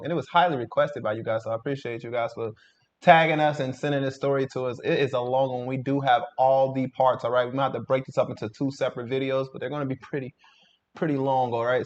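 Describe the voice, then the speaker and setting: Man, host, casual chat to viewers, fast talker, muffled audio. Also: mid-range voice, a little mellow. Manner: casual and chatty, talking to viewers. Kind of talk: casual commentary.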